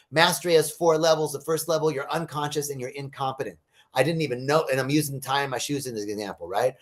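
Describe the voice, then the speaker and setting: A man hosting a casual spiritual talk on a live stream. His voice sits a little high and jumps up when he gets excited. He laughs often and tells jokes along the way.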